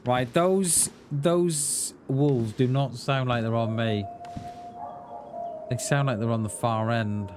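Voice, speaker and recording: Slow-talking man streaming a game. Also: mid-range voice, steady tone, music in the background. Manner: rambling, chummy, addresses chat as mate and buddy. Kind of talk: casual live-stream chat while playing. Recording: clear game noise behind the voice.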